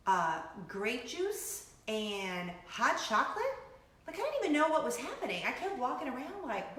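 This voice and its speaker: A middle-aged woman hosting a casual chat show, talking in a bubbly, gushing way with excited asides. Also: sits high, normal speed, roomy sound. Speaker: host.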